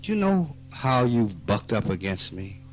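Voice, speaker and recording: Man, Southern US accent, spiritual teacher; slow emphatic delivery with teasing bursts, lower voice, old archive tape with soft music. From Mississippi. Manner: slow, emphatic, teasing, rising to animated outbursts. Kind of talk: spoken dharma talk. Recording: archive talk recording with faint music.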